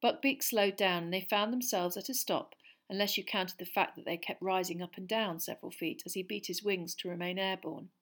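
Female narrator, measured storybook reading at a medium pitch. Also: steady tone, a bit bright. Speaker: audiobook narrator.

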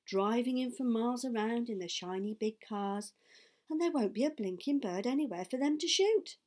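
A woman's voice: on the high side, normal speed, lightly acted. A woman doing a gleeful old country cabbie. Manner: excitable, chuckling, rough slang. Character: old country taxi driver, man, gleeful and slangy.

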